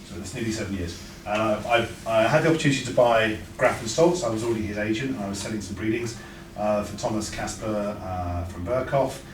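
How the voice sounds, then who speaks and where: A man gives an informal talk to an audience, chatty and full of anecdotes, often stumbling over his words as he restarts sentences. His voice sits on the lower side. It is heard from a distance in an echoey room with noticeable background noise. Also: brisk. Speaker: speaker at a breeders' talk.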